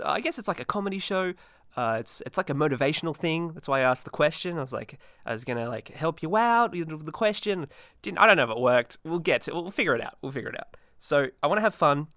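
Manic, lively-voiced man hosting a podcast. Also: a little high, a little fast, dry recording, clean studio sound. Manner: manic, self-mocking, many restarts. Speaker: podcast host. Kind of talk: rambling solo podcast.

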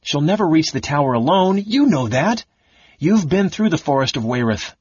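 A man's voice: fairly high pitch, animated, normal speed, breathy edge, dry recording, voice pushed up. A man voicing a fierce young woman who speaks grimly and gives commands. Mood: commanding. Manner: grim, commanding, exasperated. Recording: muffled lo-fi recording.

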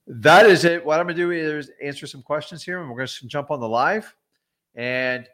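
A man's voice: medium pitch, fairly bright tone. A middle-aged man, a real estate investor, teaching wholesaling in a casual livestream, blunt and chatty with frequent ums and asides.

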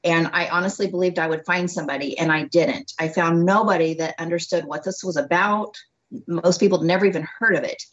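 A woman who is a doctor, telling a story as a guest in a casual interview, animated, acting out dialogue and laughing often. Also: on the low side, fairly quick. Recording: dull lo-fi audio.

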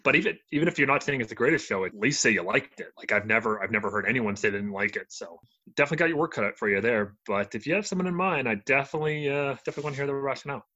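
A man's voice: medium pitch, expressive, very fast, bright, forceful tone, lo-fi sound. A man co-hosting a casual podcast, emphatic and incredulous, laughing often. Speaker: podcast co-host. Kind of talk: casual chat.

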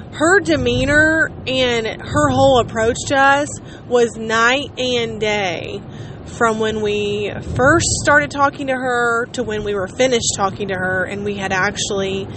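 A woman's voice: a little high, noisy background. A woman in her late thirties chatting casually to her viewers, rambling and poking fun at herself. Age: late 30s. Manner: chatty, rambling, self-mocking. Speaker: vlogger. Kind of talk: casual chat.

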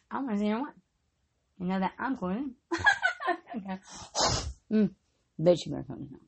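A woman's voice: mid-range voice, animated, moderate pace, vocal fry, pauses often, dull audio, heavy background noise. A woman vlogger telling rambling, casual stories, swearing freely and breaking into frequent giggles.

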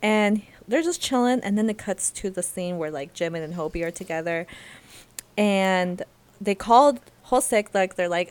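A young woman co-hosting a casual chat, retelling a story with lively acted-out quotes. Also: mid-range voice, moderate pace, smooth. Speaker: podcast co-host.

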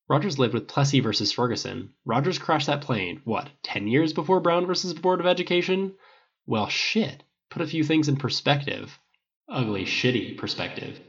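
A man narrating fan fiction aloud in a steady, measured way. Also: mid-range voice, gravelly, breathy edge, dull audio. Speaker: audiobook reader.

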